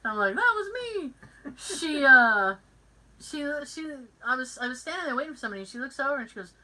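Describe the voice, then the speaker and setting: A podcast host chats casually, telling animated stories and acting out the voice of every person in them. Her voice is high-pitched and she talks fast. The audio quality is poor.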